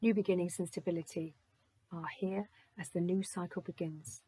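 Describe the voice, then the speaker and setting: A woman's voice: lowish voice, fairly even intonation, normal speed, warm tone, breathy edge. A woman doing a spiritual charm reading, gushing and thankful as she thinks aloud. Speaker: oracle reader.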